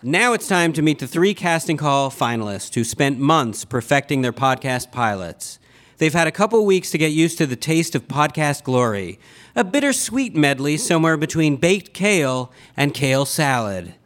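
A man's voice: fairly high pitch, moderate pace. A man hosting a live interview with podcast finalists, joking and chatty, stumbling into restarts. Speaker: host. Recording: lively crowd and noise behind.

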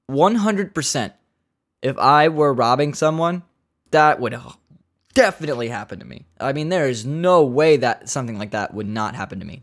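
Joking, rambling podcast host man. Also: medium pitch. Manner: rambling, jokey, swearing, laughing at his own asides. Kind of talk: casual solo podcast chat.

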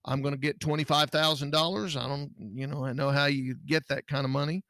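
A middle-aged man hosts a podcast with a gravelly, creaky voice. He talks in a folksy, earnest way and often restarts his sentences. The sound is close and dry. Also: fairly high pitch, fairly even intonation, fairly quick, a bit bright, dry recording. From Texas. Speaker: podcast host, private investigator. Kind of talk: casual podcast talk.

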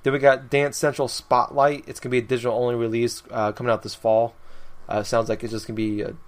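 A man's voice: medium pitch, flat delivery, fast. A young man hosting a casual gaming podcast, rambling through his notes with frequent laughs. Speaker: podcast host.

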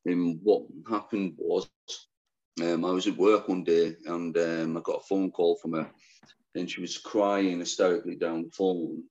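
A man telling his own difficult story as an interview guest, halting, restarting often, and speaking frankly. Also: deep voice, fairly even intonation, dark tone, muffled recording. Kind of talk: candid personal storytelling.

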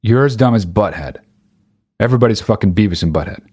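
A man's voice: fairly low pitch, animated, fast, dark tone, husky, no echo, clean studio sound. A man delivering an exasperated, profane comedic rant, swearing constantly and speeding up as he gets angrier.

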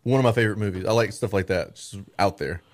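A man's voice: lowish voice, quick pace. A man co-hosting a podcast in casual chat, rambling, swearing freely and laughing through his stories. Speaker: podcast co-host.

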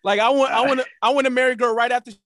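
Bright, high-voiced young co-host, jokey and animated. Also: male voice, rapid-fire, no echo, clean studio sound. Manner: joking, laughs, stammers at starts. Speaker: podcast co-host. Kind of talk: casual chat.

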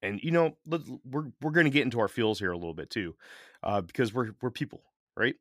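A man co-hosting a podcast, speaking candidly and earnestly, halting often with "uh" and "um". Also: mid-range voice, a bit bright, dry recording, studio quality. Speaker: podcast co-host. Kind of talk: casual podcast chat.

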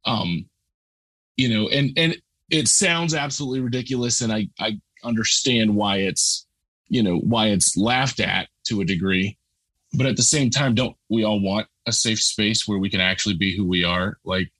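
A man's voice: on the low side, normal speed, fairly bright tone, no room sound. A man hosting a podcast, talking earnestly and conversationally, with many fillers. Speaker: podcast host. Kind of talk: casual conversation.

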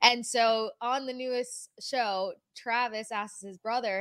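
A woman co-hosting a sports podcast, chatting casually and telling anecdotes with an expressive, easy laugh. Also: on the high side, takes it slowly, few pauses, no room sound.

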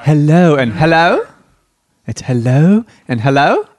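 Jokey man with an animated voice. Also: a little high, unhurried. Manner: jokey, upbeat. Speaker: podcast co-host. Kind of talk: casual chat.

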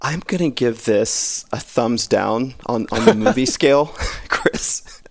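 Podcast guest, male, middle pitch, dry close sound, opinionated and wry. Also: slow, dry recording. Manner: wry, opinionated, laughs while talking. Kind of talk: casual podcast chat.

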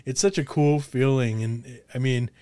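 A man's voice: mid-range voice, fairly even intonation, a little slow, dark tone, clear, resonant tone. A man hosting a podcast over a remote call, telling stories casually with plenty of fillers. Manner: chatty storyteller, many fillers. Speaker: podcast host. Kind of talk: casual conversation. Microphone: remote podcast setup.

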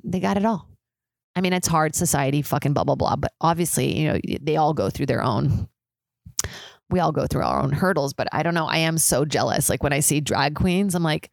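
Young woman, low gravelly voice, dry close sound, casual swearing monologue. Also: brisk, no echo. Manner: chatty, swearing, frequent "like"; mimics others in high squealing voices. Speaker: podcast host.

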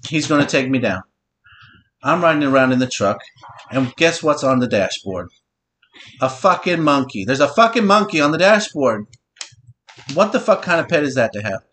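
A man's voice: fairly high pitch, big pitch swings, moderate pace, long pauses, a bit bright. A middle-aged man hosting a podcast and telling a long story in a casual, profane, teasing way. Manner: profane, teasing, talks to his listener directly. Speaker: podcast host.

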